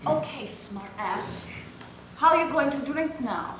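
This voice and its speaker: A woman's voice: high voice, lively intonation, unhurried. An actress playing a young immigrant woman who scolds and teases her sweetheart in broken English, in a live stage play. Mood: teasing. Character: young immigrant woman, sweetheart, sharp-tongued but tender. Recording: echoey theater recording with hiss.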